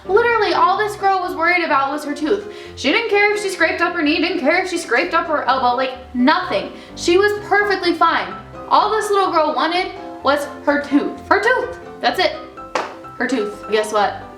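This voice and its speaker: A young woman with a high voice tells a chatty, animated story in a casual vlog and acts out the people in it. She sounds echoey and a little far from the mic, with faint music behind her. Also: normal speed. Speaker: vlogger, daycare worker.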